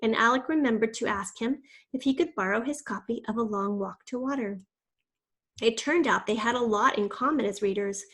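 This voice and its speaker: A woman reading a children's novel aloud, expressive, voicing the characters' lines. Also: a little high. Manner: expressive, voices quoted lines. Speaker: reader.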